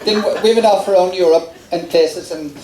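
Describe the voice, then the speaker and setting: A man's voice: high-pitched, moderate pace, reverberant, a crowd in the background, low-quality recording. A middle-aged Irish man talking onstage at a festival, chatty and laughing along at his own family stories between songs. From Ireland. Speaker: folk singer and storyteller. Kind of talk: onstage storytelling with song. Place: outdoor festival stage.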